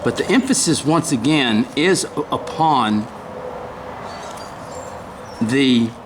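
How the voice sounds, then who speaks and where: An older man giving a casual woodcarving demonstration, talking haltingly, often clearing his throat and apologizing. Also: medium pitch, animated, noisy background. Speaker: woodcarving instructor.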